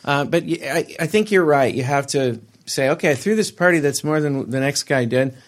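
A man's voice: fairly high pitch, expressive, moderate pace. A man co-hosting a comedy podcast, trading playful absurd jokes in casual chat. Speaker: podcast co-host.

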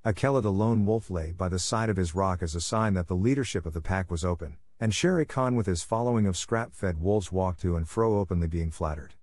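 Low-voiced man reading a story. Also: darkish tone, no room sound, clean studio sound. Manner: measured storytelling. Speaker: narrator. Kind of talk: audiobook reading.

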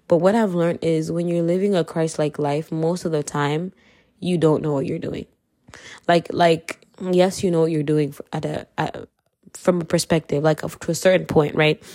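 Young kenyan woman podcasting, chatty and real, low voice, dry sound. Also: a little mellow, no room sound. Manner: candid, chatty, laughs often, uses slang. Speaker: podcast host. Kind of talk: casual faith testimony.

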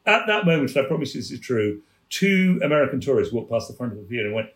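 A man, a theatre producer, tells anecdotes on a chat show. His mid-pitched voice is animated and keeps breaking into laughter. The studio adds a roomy echo. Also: fast talker.

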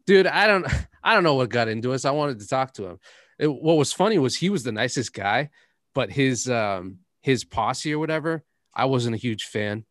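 A man's voice: mid-range voice, lively intonation, normal speed, fairly bright tone, dry recording. Rambling storyteller man, dry close sound. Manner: rambling storyteller, laughs often, drops curses. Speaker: podcast host. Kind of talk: casual chat.

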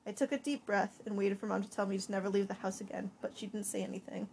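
A woman narrating a first-person audiobook with an expressive, animated reading. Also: mid-range voice, fast, gravelly, a little hiss or hum.

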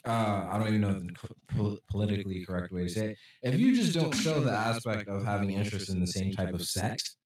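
A man's voice: lowish voice, expressive, fast talker, hardly any pauses, a little mellow, recorded from a distance. A man co-hosting a casual podcast chat who acts out what people say as he tells stories. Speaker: podcast co-host. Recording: echoey room, off the mic.

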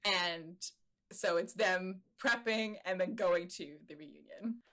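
A woman's voice: on the low side, slow pace, pushed and bright. A woman in her late twenties, co-hosting a podcast in casual, enthusiastic chat with many fillers. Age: late 20s. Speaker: podcast co-host.

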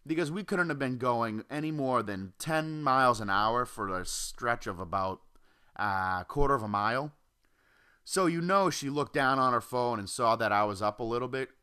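A man's voice: medium pitch, pushed and bright, clear, resonant tone. Foul-mouthed rambling young man. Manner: profane, rambling, jumps off topic. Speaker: podcast host. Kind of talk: casual solo rant. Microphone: home computer or desk mic.

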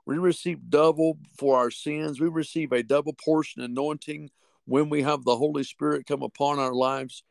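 A man preaching on a podcast, teaching from the Bible with fervent conviction, reading scripture slowly and repeating key phrases. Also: on the high side, steady tone, creaky, no echo.

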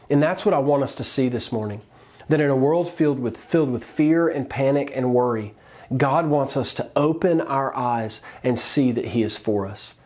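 A male pastor delivering a sermon in an earnest, emphatic manner. His voice sits at an ordinary middle pitch, and he presses his points home with conviction. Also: a little mellow.

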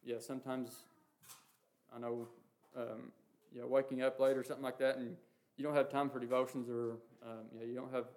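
A man giving an informal, earnest sermon, talking haltingly with many fillers and reading scripture passages aloud. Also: mid-range voice, level tone, darkish tone. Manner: halting, heavy with "you know" and "um" fillers. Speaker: preacher. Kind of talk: informal sermon on the Lord's Prayer.

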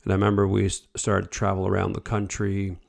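Brief: a Canadian male host, gravelly, who tells stories and plays out each line of dialogue. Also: deep voice, quick pace. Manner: animated, acts out dialogue. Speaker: podcast host. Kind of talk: casual storytelling.

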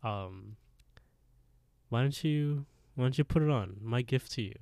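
A man's voice: medium pitch, measured pace, creaky, mellow, dry recording, studio quality. A man playing a smug, sly male killer.

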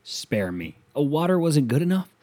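A man's voice: fairly high pitch, very animated, moderate pace, mellow. A man delivering a profane, sarcastic comedic rant as a solo monologue.

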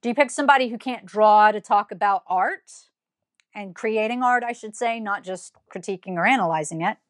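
A woman's voice: mid-range voice, fairly quick, no room sound, clean studio sound. A woman giving an opinion monologue, blunt and scolding, firing off one rhetorical question after another. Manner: emphatic, fires rhetorical questions. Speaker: commentator.

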